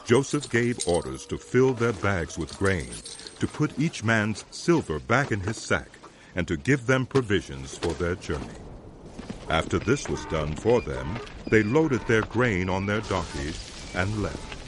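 A man giving scripted narration for an audio drama, telling the story in a measured way. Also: lowish voice, big pitch swings, background noise.

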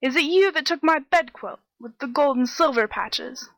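A woman's voice: moderate pace, no room sound, poor audio. Woman putting on a roaring male storybook troll. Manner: loud, booming exclamations.

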